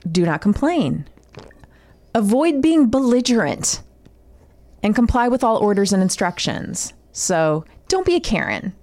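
A woman on a casual comedy podcast with a somewhat high voice that swings widely in pitch. She reads passages from a guide and riffs on them with amused asides. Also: sing-song, measured pace, darkish tone. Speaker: podcast co-host.

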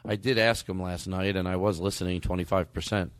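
A man's voice: sits low, a little fast, no echo. A middle-aged man hosting a comedic podcast, chatting loosely, acting out quotes from others and laughing often. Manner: animated, acts out quotes, laughs a lot. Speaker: podcast host. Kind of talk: comedic casual chat.

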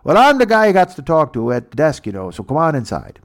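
A man's voice: fairly high pitch, wildly swooping pitch, fast talker, pitched above the performer's own voice. A man doing a friendly, chatty male border officer who keeps adding "you know".

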